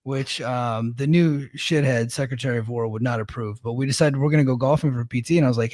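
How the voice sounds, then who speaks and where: A man's voice: mid-range voice, quick pace, hardly any pauses, a little mellow, no room sound, clean studio sound. A man in his thirties, co-hosting a podcast, tells a rambling, self-deprecating story in casual chat with lots of restarts. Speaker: podcast co-host.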